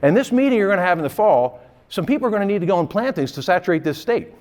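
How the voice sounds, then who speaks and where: A middle-aged male guest preacher with a fairly high voice, telling a funny story in his sermon. He laughs often and slips into quick impressions of other people. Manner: animated, laughing often, mimics voices in quoted lines.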